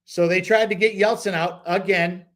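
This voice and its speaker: A man's voice: high voice, steady tone, normal speed. A man co-hosting a book club podcast, talking in a loose, rambling way with many fillers and restarts. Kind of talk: casual podcast discussion.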